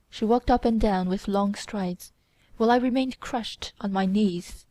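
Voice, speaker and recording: A woman reading a classic novel aloud as audiobook narrator, in a steady, measured way. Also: medium pitch, dry recording. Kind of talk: scripted narration.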